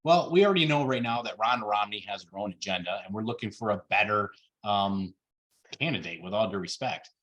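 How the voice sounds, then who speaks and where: A man making an emphatic campaign pitch on a video call, getting worked up, with frequent fillers. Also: lively intonation, brisk, fairly bright tone. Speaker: party officer candidate presenting plans.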